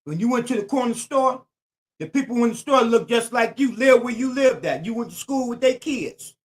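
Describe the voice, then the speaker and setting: A man's voice: extremely high pitch, expressive, normal speed. Older man preaching in AAVE. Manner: preachy, repetitive, emphatic. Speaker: YouTube channel host. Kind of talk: streetwise commentary monologue.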